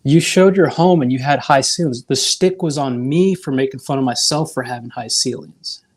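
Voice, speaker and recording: A man's voice: mid-range voice, normal speed, a little hiss or hum. An exasperated man defends himself in a heated argument on a live stream. He tells his side at length and curses when he is interrupted. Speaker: watch community member.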